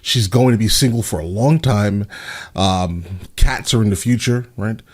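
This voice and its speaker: A man's voice: on the low side, darkish tone. A man hosting a reaction channel, commenting casually to his viewers and often calling them "guys". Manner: talks straight to viewers, repeats "guys", quick asides.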